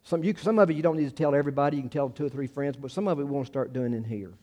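Man, American, middle-aged, pastor, sermon, mellow warm tone, casual asides, emphatic peaks. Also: mid-range voice, rapid-fire. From United States. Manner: conversational preaching with asides and self-deprecating jokes; rises to emphatic peaks on key phrases.

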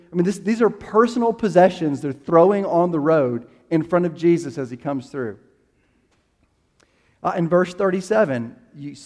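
A man's voice: sits high, darkish tone, in a large hall. A man preaching a sermon as pastor, telling a story casually with fillers and restarts.

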